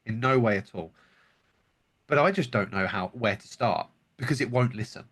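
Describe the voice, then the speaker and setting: A man's voice: medium pitch, normal speed, a bit bright, slightly rough. A man co-hosting a casual podcast chat, hesitant and often repeating words as he starts over. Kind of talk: casual conversation.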